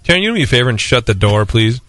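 Male podcast host, bright tone, dry close sound, teasing quick banter. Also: mid-range voice, sing-song, no room sound. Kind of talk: casual podcast chat.

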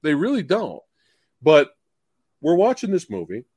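A man hosting a late-night live chat about movies, talking in an animated, swooping way and acting out his own reactions with plenty of swearing. The sound is dry and close, like a video call. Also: fairly high pitch, unhurried, slightly rough, dry recording. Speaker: live stream host.

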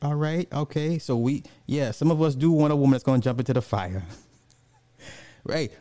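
A man's voice: medium pitch, brisk, warm tone, dry recording. A man chatting casually on a live stream, reading out viewer comments and ranting, laughing often and swearing freely.

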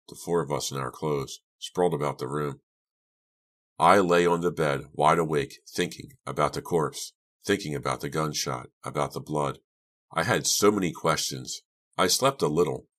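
A man narrating a horror novel for an audiobook in a steady, measured way. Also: extremely low pitch. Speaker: audiobook reader. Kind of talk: scripted narration.

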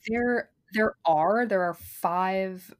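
A woman's voice: medium pitch, drawn-out words. A woman hosting a podcast in casual chat, steering the talk with dry asides. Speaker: podcast host.

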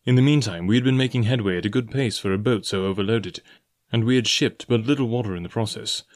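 A man reading a story aloud in a measured, even voice. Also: fairly low pitch. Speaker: audiobook narrator. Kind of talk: scripted storybook narration.

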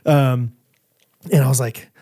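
A man in his thirties co-hosting a podcast, telling family stories in a casual, animated way with frequent laughter. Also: mid-range voice, measured pace. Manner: animated storyteller, laughs often. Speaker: podcast co-host. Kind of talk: casual chat.

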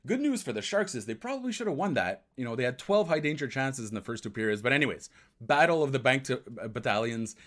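A man's voice: medium pitch, very animated, quick pace, fairly bright tone. Upbeat rambling male hockey show host. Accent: Canadian. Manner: rambling, upbeat, slips into French. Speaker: podcast host. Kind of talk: casual hockey analysis livestream.

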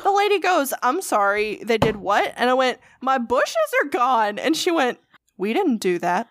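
High-voiced swearing woman podcaster. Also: brisk, no room sound, studio quality. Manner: animated storytelling, swears freely. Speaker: podcast co-host. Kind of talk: casual podcast chat.

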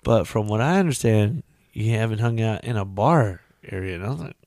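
A man co-hosting a podcast, telling a rambling story full of "you know" and "right?", and putting on high voices for the people he quotes. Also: animated, brisk, a little mellow, dry recording, clean studio sound. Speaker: podcast co-host. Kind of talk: casual storytelling chat.

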